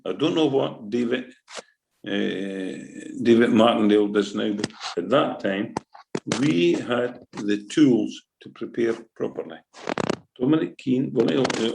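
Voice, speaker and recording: A Scottish man, a former football manager, telling lively anecdotes in an interview and acting out what people said. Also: mid-range voice, creaky, noisy background. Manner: lively anecdotal, acts out quotes, swears. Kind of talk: animated storytelling interview. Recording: roomy echo.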